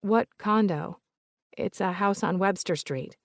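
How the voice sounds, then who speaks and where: A woman voicing a composed investigator with a North Carolina accent, asking questions in a calm, measured way. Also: medium pitch, dry recording, clean studio sound, natural voice.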